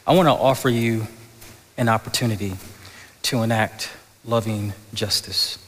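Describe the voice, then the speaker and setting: Impassioned stammering pastor in a reverberant church. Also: male voice, fairly low pitch, moderate pace, fairly bright tone. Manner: stammering restarts, rising to impassioned peaks. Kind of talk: sermon. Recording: long hall reverb.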